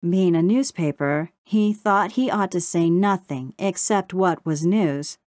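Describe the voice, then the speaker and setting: A woman narrating a children's audiobook in a slow, measured, gentle storytelling manner. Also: fairly low pitch, no echo, clean studio sound.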